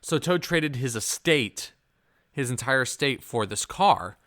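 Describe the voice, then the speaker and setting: A man's voice: medium pitch, lively intonation, measured pace, a bit bright. A man casually reviewing a film, rambling with many fillers and puzzled rhetorical questions. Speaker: movie reviewer.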